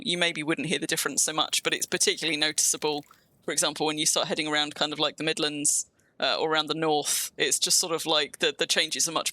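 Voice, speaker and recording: A woman with a southern English accent chats away on a live stream as she games, her tone bright and forward. She rambles from one thought to the next and often restarts a sentence midway. The sound is dry and close, with no room around it. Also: low-pitched, no echo. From England. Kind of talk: casual live-stream chat while gaming.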